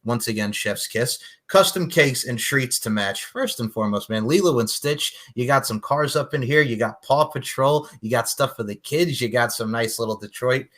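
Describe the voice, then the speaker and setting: A man's voice: medium pitch, moderate pace, hardly any pauses, fairly bright tone. Jokey male podcast host. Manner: jokey, hypes things up, playful asides. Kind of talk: casual podcast chat.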